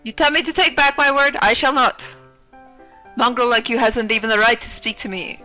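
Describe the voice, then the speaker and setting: A woman's voice: a little high, moderate pace, pushed and bright, faint music behind. A woman voicing a haughty aristocratic male dove student with a pompous mock French accent.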